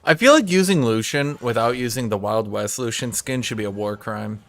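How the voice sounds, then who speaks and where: A man's voice: mid-range voice, expressive, moderate pace, fairly bright tone. A young man streaming a video game, chatting casually and thinking aloud while he asks his chat questions.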